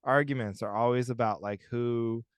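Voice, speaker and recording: A man's voice: mid-range voice, fairly even intonation, normal speed, dry recording, clean studio sound. A man co-hosting a podcast, joking in casual chat and mimicking his own arguments. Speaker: podcast co-host.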